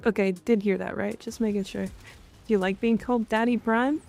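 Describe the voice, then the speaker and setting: A woman's voice: mid-range voice, fairly even intonation, normal speed, creaky, darkish tone. A woman from Canada streaming live, chatting casually and frankly with her chat, with some swearing and jokes. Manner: frank, profane, joking. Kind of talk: casual chat reading and answering chat.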